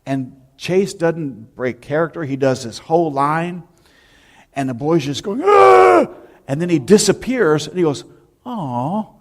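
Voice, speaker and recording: A man, a pastor, preaching in a church and telling lively anecdotes in a casual sermon style. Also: fairly high pitch, moderate pace. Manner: storytelling, animated anecdotes with shouted imitations. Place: church sanctuary.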